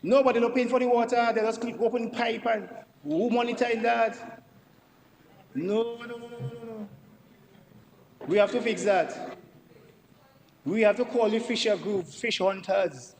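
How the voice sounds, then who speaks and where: A man's voice: very high voice, measured pace, long pauses, a little mellow, long reverb tail, rough recording. Emphatic Dominican man in parliament. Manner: emphatic, repeats himself for stress. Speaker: member of parliament. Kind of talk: parliamentary debate speech. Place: parliament chamber.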